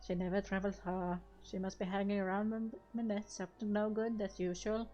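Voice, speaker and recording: A woman voicing a gruff middle-aged male fisherman in a game, with a loose put-on accent. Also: mid-range voice, little pitch movement, moderate pace, warm tone, dull audio, lightly acted. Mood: grumbling. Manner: grumbling, put-on vague accent.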